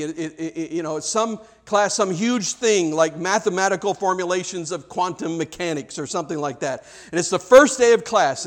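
High-voiced preacher, animated and chatty. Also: male voice. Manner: animated, conversational preaching with repeated restarts. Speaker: pastor. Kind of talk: sermon.

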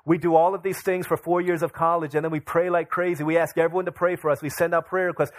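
A man's voice: a little high, flat delivery, fast talker, few pauses, no echo. Storytelling young man preaching a sermon. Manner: storytelling, acting out his children's voices. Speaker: pastor.

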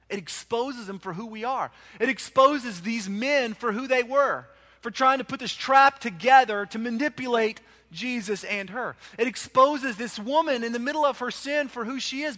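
A male pastor delivering a sermon with a high, bright voice. He preaches with passion, swelling to loud urgent peaks and then sinking into hushed, quiet stretches. His tone is forceful and clear.

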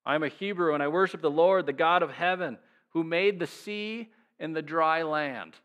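A man preaching on a passage of scripture, his voice sitting a little high for a man. He throws himself into the characters' lines with lively jumps in pitch, then drops low and soft when he reflects. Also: moderate pace. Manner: animated, acts out the voices of the sailors and Jonah. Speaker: pastor. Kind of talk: sermon teaching.

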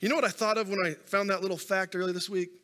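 A man preaching from the stage with a high, bright voice, building his stories up and then dropping to a hush. His words carry a long reverb through a large church sanctuary, picked up by a stage microphone. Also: steady tone, very fast. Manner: storytelling preacher, rising and falling intensity. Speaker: pastor. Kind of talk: sermon.

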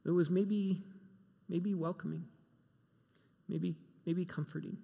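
Guy preaching a sermon, high voice with lots of gravel, big echoey hall. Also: steady tone, slow pace, long pauses, warm tone. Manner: emphatic, repeats himself, restarts often. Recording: long hall reverb.

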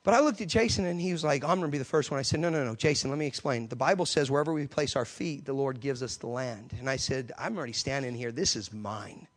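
A man preaching a sermon, telling an animated story and acting out the voices in it. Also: mid-range voice, quick pace, few pauses.

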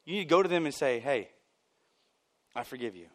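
A man preaching a sermon at a church service. His voice jumps high and loud on his points, then falls low and quiet. Between those points he drops in casual asides with a chuckle. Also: brisk. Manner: animated and emphatic, swinging from loud bursts to near-quiet. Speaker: pastor.

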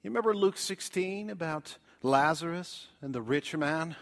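A male preacher giving a dramatic evangelistic sermon in a church, swinging from loud appeals to hushed whispers. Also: a little high, moderate pace, creaky.

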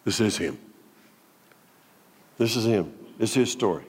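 A pastor preaching a sermon, dramatically swinging between loud declaiming and low, intimate tones. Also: male voice, expressive, unhurried, husky. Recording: long hall reverb.

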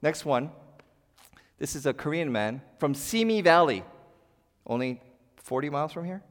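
A male pastor delivering a sermon, swinging between forceful emphasis and hushed, quiet passages. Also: a little high, animated, moderate pace, long reverb tail. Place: church.

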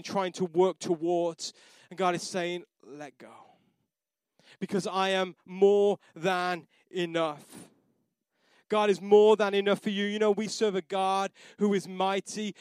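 A man preaching a sermon as pastor. He moves from soft, near-whispered pleading to loud, rising proclamation. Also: high-pitched, smooth, no echo. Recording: live church sermon with band playing behind.

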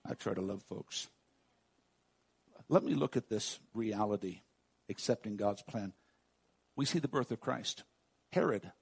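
An older man with a Texan accent preaching a sermon as pastor, folksy, swinging from soft asides to loud emphasis. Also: medium pitch, gravelly, husky.

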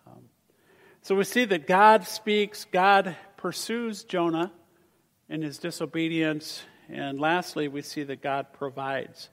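Male pastor, voice on the high side, dynamic sermon delivery, big hall reverb. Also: takes it slowly. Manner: animated, swings between loud emphasis and soft asides. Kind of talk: sermon with scripture reading. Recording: long reverb of a large hall.

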